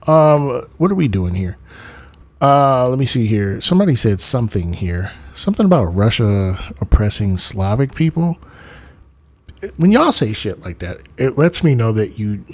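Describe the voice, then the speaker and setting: A man's voice: medium pitch, normal speed. A man hosting a debate livestream, chatting casually and profanely with his viewers. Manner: profane, animated, talks to his chat. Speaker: debate stream host.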